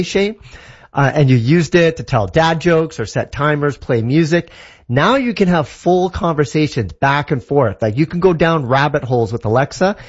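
A man's voice: a little high, slightly rough, dull audio. A man from Canada explaining a tech product in an enthusiastic, casual way, with lots of examples and fillers. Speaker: tech guest.

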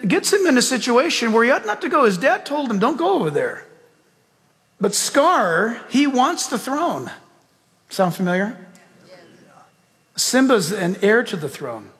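A man's voice: very high voice, fairly bright tone, long reverb tail. A male pastor preaching a sermon, telling a story with emphatic rhetorical questions and ending in prayer.

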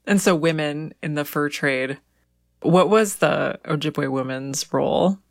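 A woman with a fairly low voice asks an interview guest curious, encouraging questions. Her voice sounds dry, with no room around it. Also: measured pace, creaky, no echo.

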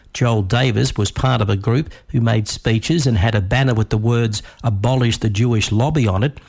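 Gravelly male newsreader. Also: mid-range voice. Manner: measured, formal. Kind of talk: radio news bulletin.

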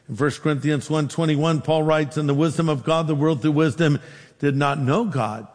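A man pastor preaching a sermon, telling a story with lively quoted dialogue. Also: a little high, long reverb tail.

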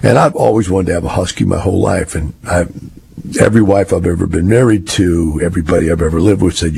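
A man's voice: low voice, steady tone, fast, vocal fry, warm tone, husky. An older man telling rambling, folksy stories in a casual monologue. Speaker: real estate investor.

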